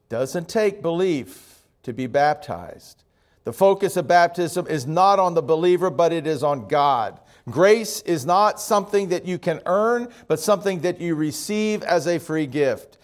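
A man's voice: on the high side, lively intonation, normal speed. A male pastor preaching a sermon to his congregation in a conversational way, with joking asides.

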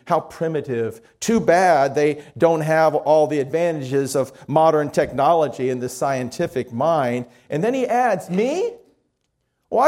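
Male pastor, higher-pitched voice, conversational sermon delivery with quoted readings. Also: a little mellow.

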